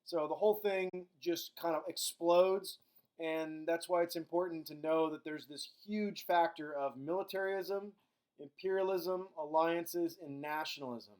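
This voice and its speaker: A man's voice: fairly high pitch, darkish tone. Casual man teaching history. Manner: casual, acts out countries in quick silly voices. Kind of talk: recorded lecture.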